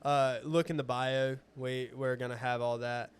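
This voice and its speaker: A young man co-hosting a podcast, easygoing and halting with fillers. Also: mid-range voice, steady tone, slight background noise. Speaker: podcast co-host. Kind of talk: casual chat.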